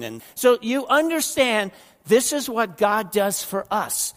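An older man giving a sermon in a reverberant church hall. His voice sits fairly high for a man, and he talks in a relaxed, conversational way, doubling up words and checking in with his listeners. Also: a little slow. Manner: conversational, repeats words, asks the audience questions. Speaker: pastor. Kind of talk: sermon with slides.

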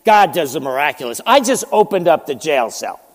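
A man's voice: a little high, big pitch swings, fairly quick, long reverb tail. A man voicing a humble, matter-of-fact angel in a sermon.

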